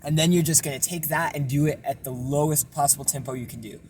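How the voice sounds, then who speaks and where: A young man casually explaining a vocal technique in a relaxed, rambling way with lots of fillers. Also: on the high side, quick pace, noisy background. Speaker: self-taught vocal tutorial maker.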